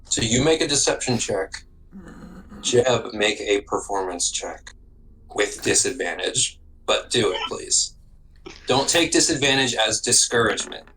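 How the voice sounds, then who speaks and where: A man as dungeon master running a tabletop game, relaxed, often restarting his sentences. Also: on the low side, unhurried, a little hiss or hum, low-quality recording.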